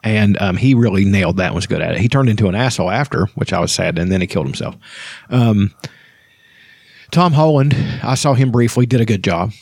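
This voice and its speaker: A man in casual podcast chat, his voice somewhat husky and recorded dry and close. He rambles, restarts his sentences and swears freely. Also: fairly low pitch, animated, fairly quick, a little mellow, no room sound. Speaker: podcast co-host.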